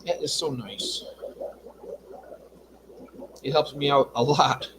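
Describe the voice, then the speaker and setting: A man's voice: medium pitch, slow, background noise. A man hosting a casual livestream from his fish room at home, chatting and reading out viewer comments. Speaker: livestream host.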